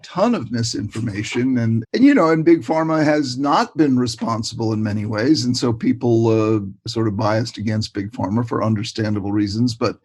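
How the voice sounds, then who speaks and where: An older man, a guest expert in a casual interview, talking with warm enthusiasm and often repeating words. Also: medium pitch, moderate pace, hardly any pauses, breathy edge. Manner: warm, enthusiastic, repeats words and says "you know" a lot.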